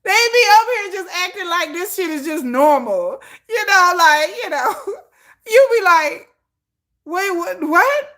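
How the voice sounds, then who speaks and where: High-voiced animated woman host. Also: a little slow. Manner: animated, laughing, colloquial storytelling. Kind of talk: casual pop-culture commentary.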